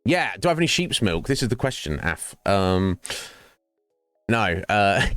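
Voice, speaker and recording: A man's voice: fairly low pitch, fairly bright tone, clear, resonant tone, dry recording, studio quality. A man chatting casually with viewers during a game stream, rambling from topic to topic. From United Kingdom. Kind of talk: casual chat while gaming.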